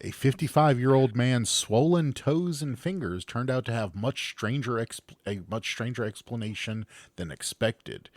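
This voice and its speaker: A man's voice: medium pitch, no echo. A man co-hosting a comedy podcast, reading a news story aloud in casual chat and stumbling over medical terms. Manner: reads headlines haltingly, stumbles on medical terms.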